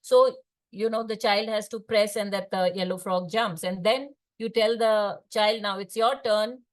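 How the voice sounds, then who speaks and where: An older woman with an Indian English accent, a speech therapist lecturing fellow clinicians in a hesitant, explanatory way with many pauses and fillers. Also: mid-range voice, steady tone. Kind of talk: lecture in an online case discussion.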